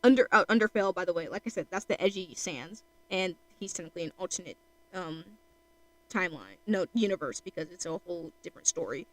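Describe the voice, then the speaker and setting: A woman's voice: on the low side, animated, fast, fairly bright tone, poor audio. A woman streamer chatting casually while she draws, rambling with lots of fillers.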